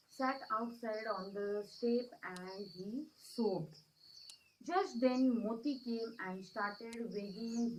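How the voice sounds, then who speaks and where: A woman's voice: on the high side, slight background noise, rough recording. A woman teacher with an Indian accent reading a story in an English lesson, often repeating herself and asking if the class follows. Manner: repetitive, checks understanding with questions. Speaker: schoolteacher.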